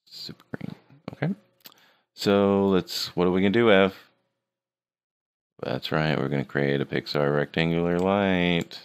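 Male instructor, very low and gravelly, laid-back, teasing, walks students through software. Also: unhurried, long pauses. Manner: joking, teasing his students. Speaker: 3D art teacher. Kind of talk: casual screen-recorded tutorial.

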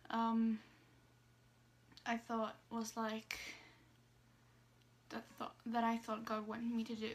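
Hesitant young woman, flat higher voice. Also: slow pace. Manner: hesitant, many fillers and restarts, soft asides. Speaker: vlogger. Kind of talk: casual personal storytelling.

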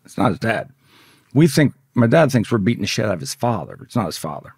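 A man's voice: lowish voice, big pitch swings, quick pace, creaky, a little mellow, husky, no room sound, clean studio sound. A man telling a story from his past in casual, profane speech, often acting out the voices of the people in it. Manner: profane, vivid, acts out quoted voices.

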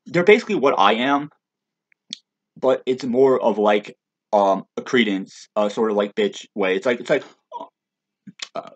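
A man's voice: medium pitch, expressive, unhurried, pauses often. Rambling, stammering man on dull audio. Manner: rambling, stammering, profane, with frequent restarts; loud, heated outbursts. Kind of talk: rambling monologue rant. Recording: dull lo-fi recording.

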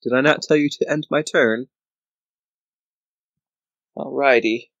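Slow-talking man grumbling over a board game. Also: medium pitch, steady tone, creaky, a bit bright, dry recording, dull audio. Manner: talks to himself, counts squares aloud, mock-angry grumbling. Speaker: gamer playing a board game video game. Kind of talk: casual gameplay commentary.

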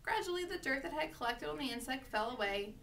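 A woman reading a children's storybook aloud with steady, expressive narration. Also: high-pitched, quick pace, far from the mic. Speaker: reader.

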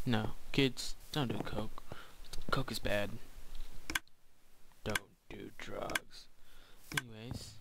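A man's voice: medium pitch, very animated, drawn-out words, creaky, pauses often. A young man giving hyper, goofy commentary over his gameplay. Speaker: gamer. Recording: loud background noise.

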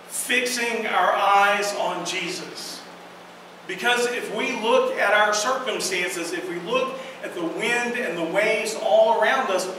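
A woman pastor preaching a sermon in a church, earnest and emphatic, with slow dramatic pauses. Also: mid-range voice, pushed and bright. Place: church sanctuary. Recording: echoey hall from far off, noisy.

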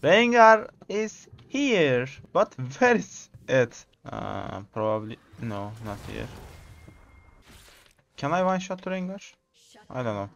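A man, excitedly commenting on his own gameplay, repeating short exclamations in English. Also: mid-range voice, slow pace, gravelly, long pauses, lo-fi sound, a little hiss or hum. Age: 20s. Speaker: gamer streamer.

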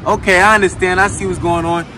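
Street vlogger, man, heartfelt and repetitive, outdoors with loud traffic. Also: high-pitched, flat delivery, fast. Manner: earnest, repeats himself, emotional and caring. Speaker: street vlogger interviewing people. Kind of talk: casual street interview.

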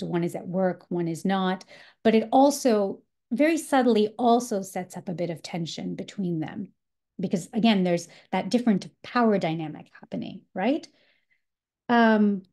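A woman's voice: medium pitch, mellow. A woman leading a writing workshop, explaining literary passages in a thoughtful, explanatory way with frequent fillers such as "um" and "you know.".

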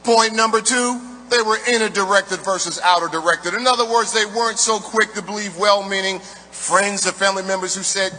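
A man's voice: sits high, steady tone, brisk, bright, forceful tone, a little hiss or hum. A man giving a live motivational speech in rhythmic, emphatic oratory, building on a repeated refrain. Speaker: motivational speaker. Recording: reverberant hall, faint music.

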